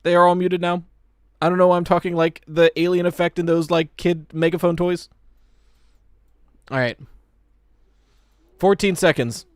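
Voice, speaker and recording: A man chatting casually on a live stream, reacting to a game trailer in an animated, excitable way and swearing casually as he talks to his chat. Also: high voice, moderate pace, pauses often, smooth, dry recording, studio quality.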